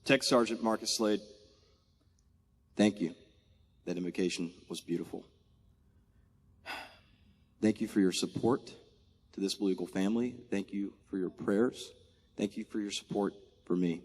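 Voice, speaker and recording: A man's voice: fairly low pitch, unhurried, long pauses. A man in his forties from Maryland, giving a heartfelt farewell speech as an outgoing military commander, thanking people one by one and holding back tears. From Maryland, USA. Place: large aircraft hangar at a ceremony. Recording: long echo of a big hangar.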